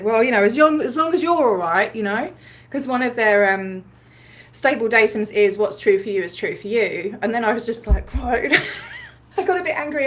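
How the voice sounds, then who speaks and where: A chatty Australian woman hosts her own livestream, recounting events in a loose, animated way. Her voice sits a little high, and she fills her talk with ums and quick laughs. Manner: chatty, animated, laughs often, many fillers. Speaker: activist livestream host. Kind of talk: casual storytelling recap.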